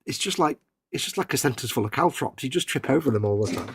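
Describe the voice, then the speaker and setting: A man co-hosting a live stream in casual chat, chatty and quick to laugh, often trailing off into soft asides. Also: mid-range voice, expressive, background noise. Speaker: livestream co-host.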